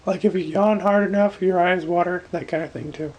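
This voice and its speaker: A tired man half-whispering a late-night vlog, recounting a painful hospital night in a drowsy way with sudden lively bursts. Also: high voice, normal speed, rough recording. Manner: hushed, drowsy storytelling that swings from whispers to animated outbursts. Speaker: vlogger.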